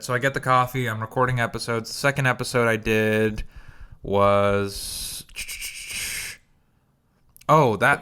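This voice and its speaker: Male comedy podcast host, casual chat, bright and smooth tone, rambling storyteller. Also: lowish voice. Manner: rambling storyteller, acts out quoted voices.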